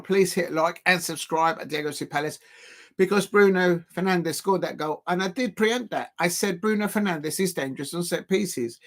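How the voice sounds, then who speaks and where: A man's voice: high voice, fairly bright tone. A man hosting a casual football watch-along, rambling and laughing while lifting weights. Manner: rambling and chatty, laughing often. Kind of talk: casual live-stream commentary.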